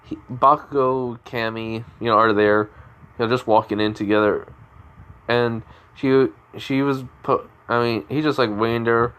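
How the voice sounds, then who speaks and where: A man's voice: medium pitch, fairly even intonation, measured pace, fairly bright tone, smooth, poor audio. A man telling an improvised fan-fiction story in a rambling way, with frequent restarts and self-corrections.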